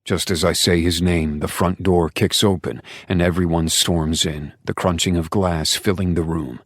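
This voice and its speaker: A man narrating a dark romance audiobook in the first person, with intense, emotional delivery and hushed passages. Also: low-pitched, steady tone, normal speed, no echo, studio quality.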